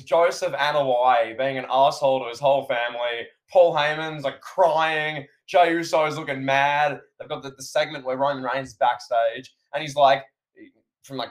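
A male podcast co-host with a mid-range voice, talking casually and with enthusiasm. He keeps turning to his co-host by name and speaks in a loose, chatty way. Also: medium pitch.

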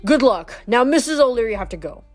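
A woman's voice: fairly high pitch, lively intonation, fast talker, darkish tone, no room sound, soft background music. A woman reading a novel aloud chapter by chapter, often tripping over words and restarting them. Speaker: reader.

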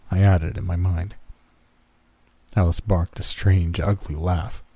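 A man reading a first-person horror story in a steady, measured scripted narration. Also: low-pitched, breathy edge, no room sound.

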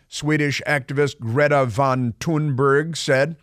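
A man's voice: mid-range voice, normal speed, a bit bright, no room sound, clean studio sound. Sarcastic male talk radio host. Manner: sarcastic, mocking asides. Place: radio studio. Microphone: studio microphone.

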